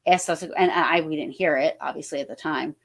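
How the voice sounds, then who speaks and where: A woman's voice: low-pitched, fairly quick, vocal fry. A woman from New Jersey, a guest paranormal investigator, telling stories casually with many fillers and restarts. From New Jersey, USA. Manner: rambling, full of fillers and restarts. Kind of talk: casual storytelling on a podcast.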